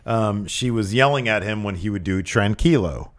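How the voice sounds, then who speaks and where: A young man co-hosting a casual wrestling review podcast, excitable and jokey, jumping between topics. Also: on the low side, normal speed. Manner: excitable, jokey, slips into silly voices. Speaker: podcast co-host.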